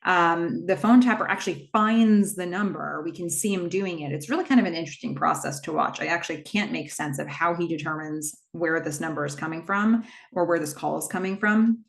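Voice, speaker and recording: A woman hosting a casual horror movie recap, retelling the plot in a chatty way with quick asides. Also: on the low side, gravelly.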